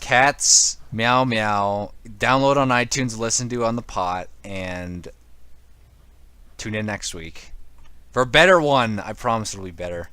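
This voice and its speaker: Smooth low-voiced easygoing male co-host. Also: unhurried, bright, forceful tone. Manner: easygoing, self-deprecating. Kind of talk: casual show sign-off chat.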